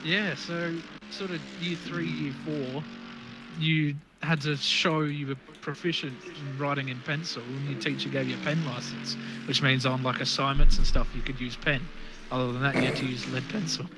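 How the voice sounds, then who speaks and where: A man's voice: mid-range voice, little pitch movement, moderate pace. A young Australian man commentating a live sim race, joking and bantering with his co-hosts. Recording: noisy stream audio.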